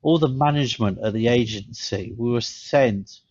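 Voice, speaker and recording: Podcast co-host: man, mid-pitched, rambling storyteller, slightly muffled recording. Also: moderate pace. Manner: rambling storyteller, animated when telling a story. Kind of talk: casual chat. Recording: slightly dull lo-fi sound.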